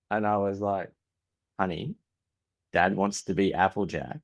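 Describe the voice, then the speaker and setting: An Australian man in his forties, appearing as a podcast guest, tells candid conversational stories, often restarting sentences and acting out family dialogue. His voice sits low, he speaks at normal speed, and he takes long pauses.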